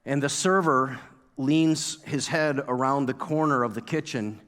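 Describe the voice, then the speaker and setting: A pastor from New York giving a sermon, telling a story and acting out his own past outburst with lively energy. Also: medium pitch, unhurried. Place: church sanctuary. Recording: long reverb of a church hall.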